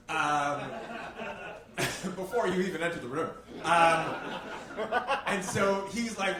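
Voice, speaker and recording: A man's voice: on the high side, animated, measured pace, crowd noise. A man performing a self-mocking stand-up comedy set on a club stage, swearing freely as the audience laughs. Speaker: stand-up comic. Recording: roomy live-club sound, mic heard from a distance.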